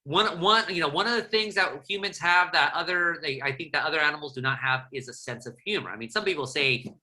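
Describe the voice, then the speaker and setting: A man from Southern California, a journalist guest on a podcast, talking in a fast, animated storytelling way. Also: fairly high pitch. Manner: animated, rapid storytelling with restarts. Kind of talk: casual interview chat.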